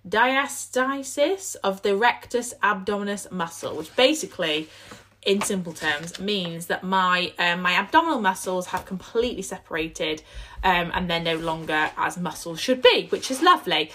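A young woman, hosting a casual solo podcast, her voice a bit croaky, chatty with lots of fillers and restarts. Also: on the low side, lively intonation, normal speed, bright, forceful tone. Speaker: podcast host.

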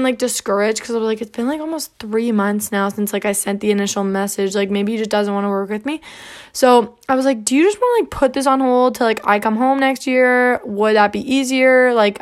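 A young woman hosting a podcast, chatting casually and acting out back-and-forth dialogue, with lots of "like". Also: a little high. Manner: chatty, peppered with "like", acts out quoted dialogue. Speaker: podcast host. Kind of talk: casual storytelling monologue.

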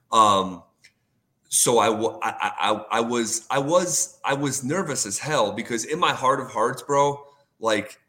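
A sports radio host, appearing as a guest in a casual interview, retells a career story packed with quoted dialogue, fillers, and restarts. His medium-pitched voice sounds pushed and bright.

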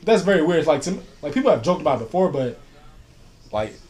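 A man's voice: a little high, big pitch swings, quick pace, warm tone. Rambling young man in casual chat. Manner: rambling, lots of fillers and "I was like".

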